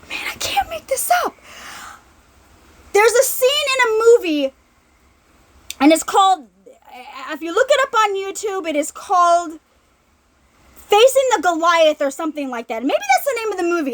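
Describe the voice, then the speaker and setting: A woman giving an informal sermon in a conversational way, often repeating herself and checking in with her listeners. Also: very high-pitched. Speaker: ministry speaker.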